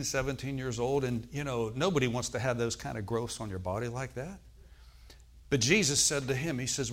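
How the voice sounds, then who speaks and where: Bright-voiced man preaching a sermon. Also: medium pitch. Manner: storytelling preacher who acts out quoted voices; calls for amens from the congregation. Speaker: pastor.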